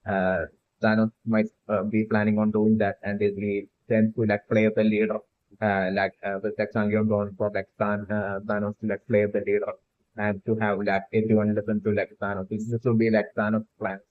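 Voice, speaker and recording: Speaking a little fast in a lowish, completely flat voice, a man rambles through a solo theory commentary for a fan theory video. He keeps restarting and stuffing phrases with "like" and "uh," captured on a dry, tinny, phone-like recording.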